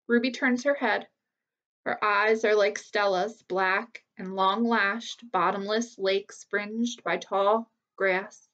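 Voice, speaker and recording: A woman reading a children's novel aloud as a teacher, with steady, clear storytelling. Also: medium pitch, takes it slowly, far from the mic. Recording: slightly muffled lo-fi recording.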